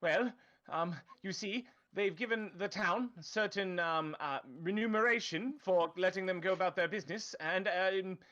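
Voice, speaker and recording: A man's voice: high voice, normal speed, pushed and bright, highs cut off, pitched above the performer's own voice. A man voicing a nervous, cowardly male official who takes bribes, stammering and overly polite. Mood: pleading.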